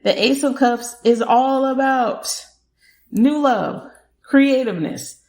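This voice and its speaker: A woman's voice: high voice, slow, darkish tone. A woman hosting a podcast, giving a casual tarot reading and talking straight to the listener, laughing often. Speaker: podcast host, tarot reader. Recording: echoey room.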